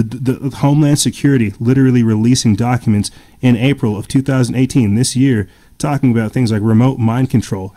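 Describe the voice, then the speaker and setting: Mellow-voiced man rambling on a podcast. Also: mid-range voice. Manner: rambling, many fillers and restarts. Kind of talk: casual podcast chat.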